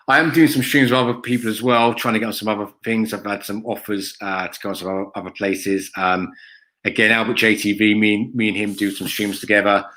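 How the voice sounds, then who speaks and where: Brief: man, fan channel host, casual stream chat, low-pitched, blunt and profane, rambles with ums. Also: a bit bright. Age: adult, has a school-age son. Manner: blunt, sweary, lots of ums and "mate".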